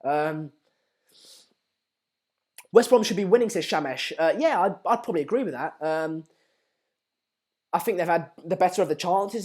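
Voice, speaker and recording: Young male streamer with a slightly high voice, chatty and informal, riffing on viewer comments. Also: a little mellow. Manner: chatty, reads out viewer comments with lots of fillers. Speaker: live-stream watchalong host. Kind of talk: casual live-stream commentary.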